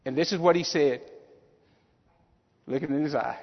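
Speaking at a normal speed in a fairly high voice, a middle-aged man delivers a motivational keynote, telling stories with feeling and repeating key phrases. The hall is reverberant and the sound is dull.

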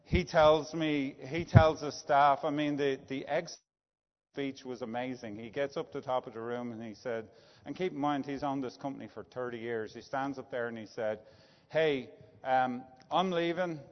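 A man's voice: medium pitch, steady tone, moderate pace. A middle-aged Irish man, a business executive, telling a story in a conversational way, often checking in with "right?". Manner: anecdotal, tag questions like "right?". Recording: dull lo-fi sound with long reverb.

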